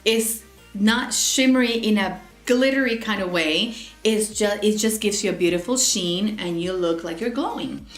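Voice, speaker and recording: A woman's voice: medium pitch, a bit bright. Gushing woman beauty vlogger in an echoey room. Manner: gushing, repeats words and restarts phrases. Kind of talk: casual product review. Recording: echoey room, faint background music.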